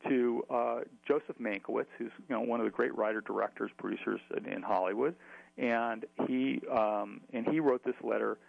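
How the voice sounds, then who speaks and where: Gravelly-voiced man telling stories. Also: medium pitch, fairly even intonation, normal speed, dry recording, lo-fi sound. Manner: chatty, many fillers and restarts. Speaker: author. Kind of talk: storytelling in an interview.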